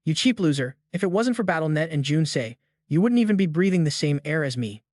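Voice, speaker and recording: An arrogant, spoiled young woman from a comic recap, as a male narrator reads her, haughty and sneering. The voice is a bit high for a man and sounds dry and close. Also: expressive, a little fast, a little mellow, no echo, lightly acted.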